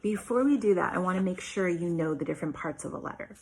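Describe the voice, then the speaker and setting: A woman teacher, probably in her thirties, giving a remote lesson to young children, patiently and clearly sounding out letter sounds. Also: lowish voice, expressive, fast talker, darkish tone, a little hiss or hum. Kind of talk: remote phonics and writing lesson.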